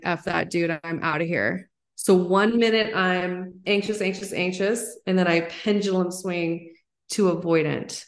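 A woman in her thirties, a psychologist guest on a podcast, explaining ideas in an animated, excited way. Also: lowish voice. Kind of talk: podcast interview.

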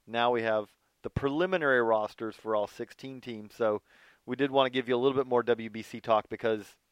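A man's voice: mid-range voice, clean tone, dry recording. A man hosting a podcast in casual sports chat, easygoing and hedging, often repeating himself. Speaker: podcast host.

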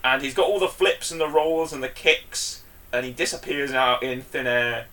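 A man chats casually as a podcast co-host, rambling and enthusiastic, jumping into loud bursts when something excites him. His voice has a bright edge. He sits a little back from the mic. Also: mid-range voice, moderate pace, recorded from a distance. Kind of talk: casual chat.

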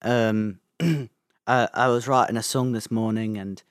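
A man doing a slow, nasal impression of a famous 1960s rock singer. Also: lowish voice, dry recording, studio quality, voice pushed down, close to an everyday voice. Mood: joking.

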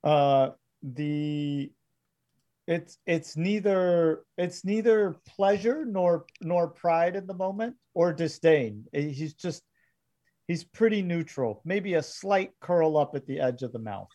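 A man narrating a tabletop game as game master, often pausing and restarting. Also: on the high side, expressive, dark tone. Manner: halting, filler-heavy narration.

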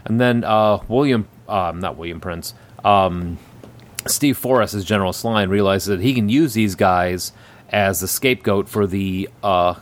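Man rambling through a movie recap. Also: on the low side. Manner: rambling, laughs often, many ums. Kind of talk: casual movie recap chat.

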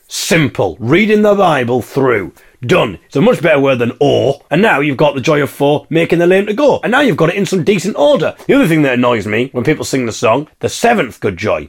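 A man's voice: medium pitch, big pitch swings, a little fast, slightly rough. A man from England hosting a podcast, delivering a wry, mock-indignant comic monologue and singing snatches of carols. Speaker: podcast host.

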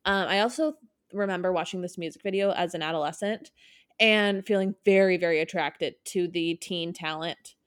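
A woman's voice: fairly low pitch, normal speed. A young adult woman co-hosting a casual podcast chat, chatty and playful, laughing often. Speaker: podcast co-host.

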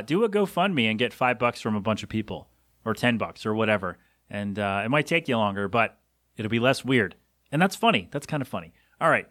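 A man's voice: medium pitch, fairly bright tone, dry recording, studio quality. A man in his thirties hosting his own podcast, rambling through a story in a loose, self-deprecating way with lots of fillers. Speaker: podcast host and radio host. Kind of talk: casual solo podcast rambling.

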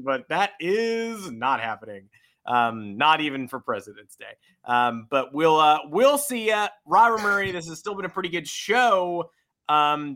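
Male podcast host, higher voice, bright and chatty, loose joking delivery. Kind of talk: casual baseball podcast chat.

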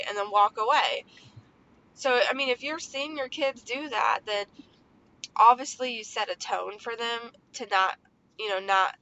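Pitched on the high side, her voice comes across pushed and bright. She is a thirtysomething podcast host talking casually and ramblingly about parenting, with many fillers, recorded in slightly dull lo-fi with faint noise behind her.

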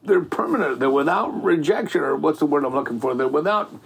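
A man's voice: fairly high pitch, animated, a little fast, vocal fry, breathy edge. A middle-aged man telling faith stories in a rambling, folksy way, full of "man" and "you know". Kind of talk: casual faith storytelling.

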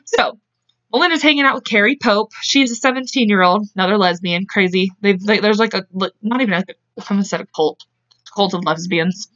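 A woman's voice: mid-range voice, a little fast, fairly bright tone, no echo. A young woman co-hosting a podcast, telling a true-crime story casually, swearing freely and breaking off into asides. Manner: chatty, swears freely, self-interrupting with asides. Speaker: podcast co-host. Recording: muffled lo-fi dry mic.

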